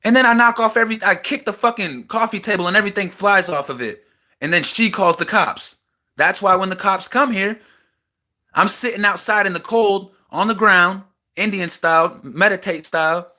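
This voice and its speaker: A young man in a small house, venting a raw personal rant that swings between heated outbursts and quieter reflection. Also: high voice, normal speed. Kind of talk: emotional personal rant to camera.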